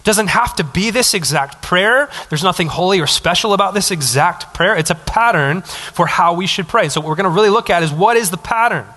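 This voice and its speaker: Bright-voiced man preaching a sermon. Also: sits high, animated, fairly quick. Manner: conversational, emphatic preaching with asides to the congregation. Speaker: pastor.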